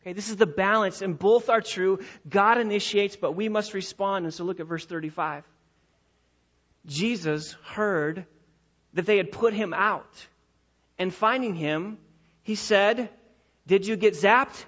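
High-voiced man preaching a sermon. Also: a little slow, fairly bright tone. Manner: emphatic, repeats key phrases, varies pace for stress. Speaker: pastor. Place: church. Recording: dull lo-fi recording.

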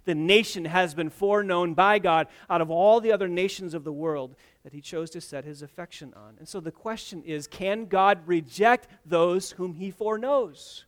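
Energetic male preacher with a fairly high voice. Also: normal speed, hardly any pauses. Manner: dynamic preaching, swells loud on key points then drops soft; retells scripture with acted quotes and asides to the congregation. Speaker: pastor. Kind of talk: sermon.

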